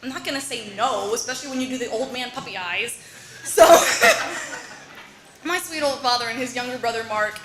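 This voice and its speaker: A woman telling a personal story live on stage, animated and laughing often as she acts out her relatives' lines. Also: on the high side, roomy sound, background noise. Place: bar or small venue with audience.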